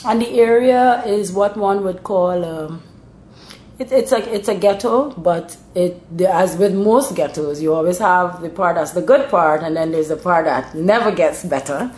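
A woman's voice: fairly low pitch, measured pace. Barbadian woman explaining in a roomy space. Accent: Bajan (Barbadian). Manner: explains patiently, bursts brighter when mimicking local speech. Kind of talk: casual explanatory chat. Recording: roomy echo.

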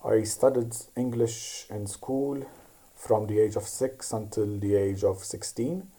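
A man from Malta with a Maltese accent, whose first language is Maltese, reading a passage aloud in a measured, steady way and then talking casually about his languages. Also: lowish voice, low-quality recording. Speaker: dialect archive participant.

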